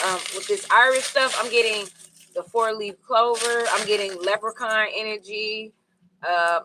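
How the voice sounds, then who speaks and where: A woman's voice: mid-range voice, noisy background. A woman with giving a casual, rambling tarot reading, full of fillers and asides to her viewers. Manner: rambling, conversational, with many fillers. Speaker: tarot reader.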